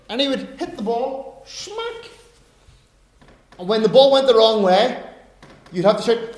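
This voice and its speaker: A man preaching a sermon in a conversational way, swinging between quiet asides and loud, emphatic stresses. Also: fairly high pitch. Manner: conversational, tells personal anecdotes. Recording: roomy echo.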